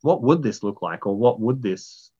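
A man in his thirties, a writer being interviewed, talking in a rambling, animated way full of fillers. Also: normal speed, husky, muffled recording. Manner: animated storyteller, jumps pitch for inner voices. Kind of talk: casual conversational interview.

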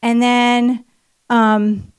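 At a church marriage ministry event, a middle-aged woman gives a personal testimony sermon, telling her story in a chatty way full of fillers. Her voice is a little high and smooth, with a level tone and drawn-out words.

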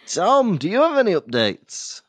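A man's voice: a little high, no echo. Playful man bantering on a podcast. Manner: playful, eager listener, quick banter. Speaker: podcast co-host. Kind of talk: casual chat.

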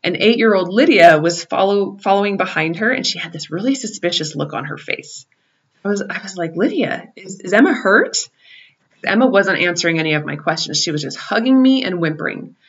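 A woman in her thirties telling a personal story about her children in an earnest, reflective way, with soft laughs at herself. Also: on the low side, lively intonation, fairly quick. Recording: slightly dull lo-fi recording.

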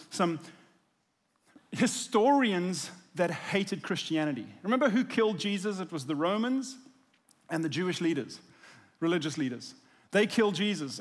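A man's voice: sits high, a bit bright. A man preaching a sermon, telling the story in a casual, conversational way and acting out the quotes. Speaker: pastor.

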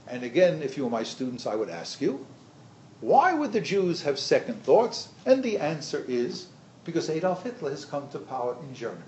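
An older man, a history professor, lecturing teachers in a lively storytelling way and acting out the quoted voices. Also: a little high, reverberant, muffled recording, a little hiss or hum.

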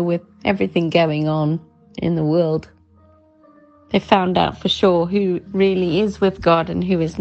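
A middle-aged woman preacher gives an informal, chatty sermon from home, earnest in tone and often calling things amazing. Her voice is fairly low and darkish, and the audio sounds dull.

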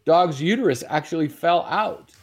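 A man's voice: fairly high pitch, moderate pace, faint music behind. A man co-hosting a morning show, telling stories animatedly and acting out the people he quotes. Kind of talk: casual storytelling banter.

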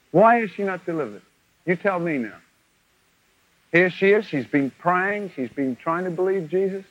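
A man preaching at a revival meeting, telling stories and acting out the dialogue with chuckles. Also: fairly high pitch. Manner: animated, acts out quoted dialogue, chuckles often. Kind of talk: revival sermon with storytelling. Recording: lo-fi 1970s tape of a live meeting.

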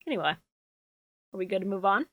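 A woman's voice: medium pitch, lively intonation, fast, no room sound, phone-quality sound. A young woman co-hosting a podcast in casual chat, sardonic and sweary. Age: young adult. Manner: sardonic, swearing, laughs easily. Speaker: podcast co-host.

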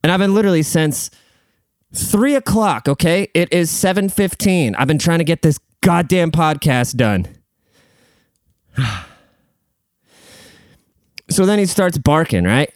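A man's voice: fairly high pitch, animated, a little slow, long pauses, no room sound, studio quality. A man hosting a casual solo podcast from a room at home, rambling bluntly and swearing freely. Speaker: podcast host.

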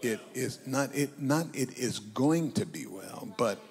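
Retelling a story from scripture, an elderly preacher in his eighties speaks with a creaky, mid-range voice at a measured pace. He acts out quotes and animatedly urges his congregation to answer back, all captured with the lingering echo of a big hall.

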